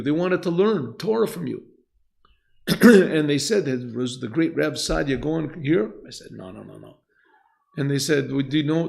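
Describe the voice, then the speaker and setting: A man teaches a Chassidus lesson in a yeshiva classroom, his voice slightly high with a gravelly edge. He tells a story at length, slipping into the voices of the people in it, and he often stops to clear his throat. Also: a little mellow.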